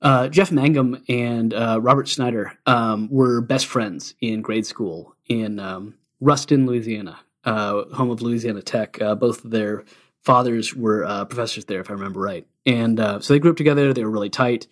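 A man tells stories on a casual podcast at an easy pace, pausing often on uhs and ums as he remembers details. His pitch is an ordinary middle male level. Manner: relaxed storytelling, halting with many uhs and ums. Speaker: podcast co-host. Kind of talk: casual music podcast chat.

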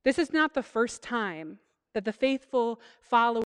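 A woman preaches with a slightly raised pitch, telling a scripture story in a relaxed, conversational way with playful asides. Her voice rings out with a long reverb, as if recorded in a large church hall. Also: measured pace, clean tone. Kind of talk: sermon.

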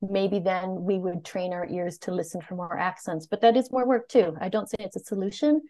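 A woman with a General American accent, speaking as an interview guest who researches media. She talks in an animated, outspoken way, thinking aloud and restarting her sentences. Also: mid-range voice, moderate pace. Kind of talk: conversational interview.

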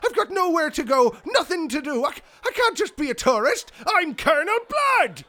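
A man's voice: high voice, a little slow, bright, forceful tone. A man playing a swaggering Scottish rogue colonel. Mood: indignant. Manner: swaggering, then melodramatically self-pitying. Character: brash male Scottish rogue colonel, boastful and dramatic.

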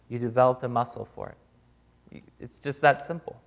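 Male preacher, mid-pitched voice, plain everyday sermon delivery, acts out prayers in a hushed voice. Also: steady tone, brisk. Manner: acts out quoted prayers, voice dropping soft for them; plain, informal, with repeated restarts. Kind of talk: conversational sermon.

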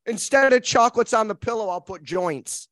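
An American man hosting a casual podcast chat, excitable and profane, laughing often. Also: high voice, normal speed, no room sound. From United States. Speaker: podcast host.

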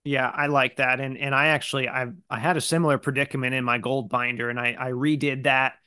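A male podcast host chats easily, his voice smooth and resonant. The sound is dry and close, with no room around it. He talks in a loose, conversational way. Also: mid-range voice, brisk, no echo. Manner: relaxed, conversational, with frequent fillers. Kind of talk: casual podcast chat.

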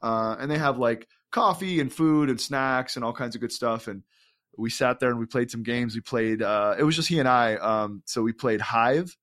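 Guy on a podcast just chatting, lots of ums and uhs, excited, mid-pitched voice. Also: normal speed. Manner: rambling, enthusiastic storytelling with many fillers. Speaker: podcast co-host. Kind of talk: casual chat.

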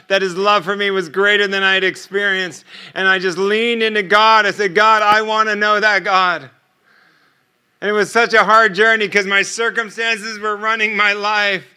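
Guest preacher, male, middle-aged: high, very bright voice, animated storyteller. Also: clear, resonant tone. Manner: animated storytelling with laughter and quoted dialogue. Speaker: guest speaker. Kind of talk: sermon storytelling.

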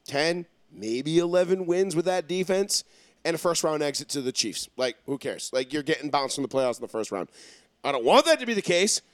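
Brash New podcast host, profane and rambling, somewhat high voice, dry sound. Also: male voice, lively intonation, fairly quick, dry recording. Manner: rambling, profane, self-assured. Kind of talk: casual sports talk.

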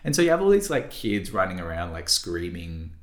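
Deep-voiced man musing in a roomy echo. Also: sing-song, brisk. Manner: hesitant, thinking aloud with many restarts. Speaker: podcast co-host. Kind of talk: casual discussion.

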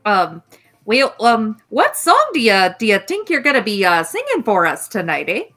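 A woman's voice: medium pitch, wildly swooping pitch, moderate pace, bright, forceful tone, faint music behind, exaggerated voice. A woman voicing a cheerful, folksy Midwestern hostess with a Wisconsin accent and a sing-song drawl.

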